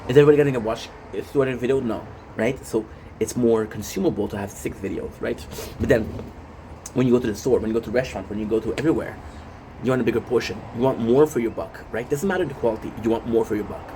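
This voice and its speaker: A man's voice: mid-range voice, fast talker, warm tone, a little hiss or hum. A man streaming live, rambling casually to his chat with lots of fillers and asides.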